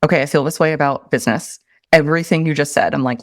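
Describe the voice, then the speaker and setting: A woman's voice: low-pitched, fairly even intonation, fast, no echo, studio quality. A woman hosting a podcast, talking in an emphatic, impassioned way and swearing freely. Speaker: podcast host. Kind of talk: casual podcast conversation.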